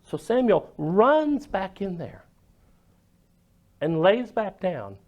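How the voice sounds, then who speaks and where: A man preaching a sermon, telling the story dramatically and dropping to a hush at moments. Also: high-pitched, very animated, slow, lo-fi sound. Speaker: pastor.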